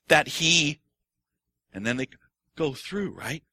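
A middle-aged pastor preaches at medium pitch and normal speed, with no echo. His sermon is full of rhetorical questions and acted-out quotes, swinging from quiet musing to shouted excitement.

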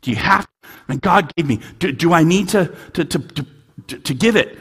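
A man preaching a sermon as a pastor, dropping to near-whispers and then rising to loud, emphatic peaks, often repeating words. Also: fairly high pitch, expressive, moderate pace, breathy edge.

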